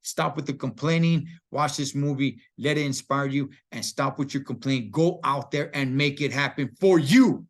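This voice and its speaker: A man's voice: medium pitch, moderate pace, few pauses. A man giving a casual, slangy movie review that turns into an emphatic pep talk.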